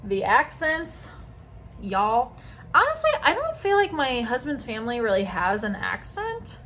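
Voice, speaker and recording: A woman's voice: a little high, huge pitch swings, a little slow, a bit bright. A young woman vlogging at home at night, chatting casually and rambling through asides while she does her makeup close to the camera. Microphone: camera very close to her face.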